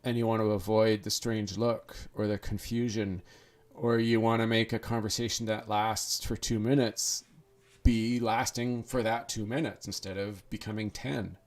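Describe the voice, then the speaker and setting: Earnest rambling man, lowish voice. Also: flat delivery, moderate pace. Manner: earnest, rambling, with restarts and acted inner thoughts. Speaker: podcast host. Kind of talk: casual monologue.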